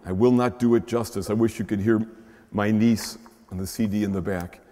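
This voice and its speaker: Speaking at normal speed in a lowish, steady, warm voice, a Midwestern American pastor preaches in a relaxed, conversational way. He often adds a questioning "huh?" after his points, and the large church shrine gives the recording a long reverb.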